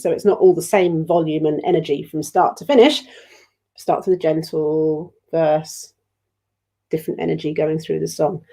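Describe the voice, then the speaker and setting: Gentle British woman leading a choir. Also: on the low side. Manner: gentle and encouraging, sings short lines to demonstrate. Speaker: choir leader. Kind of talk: online choir rehearsal teaching.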